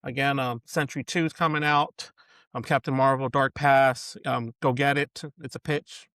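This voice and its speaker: A man hosting a casual podcast interview who talks in a halting way and laughs a lot. His voice sits at a middle pitch. The sound is dry and close to the mic. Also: level tone, fairly bright tone, no room sound. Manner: halting, laughs often, many fillers. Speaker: podcast host.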